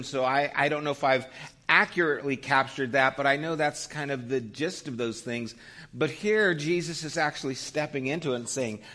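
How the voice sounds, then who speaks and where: Pastor, male, 50s; bright, slightly raised voice; chatty storytelling sermon, tosses in "right?" often. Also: fairly high pitch. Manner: conversational storytelling, frequent rhetorical "right?".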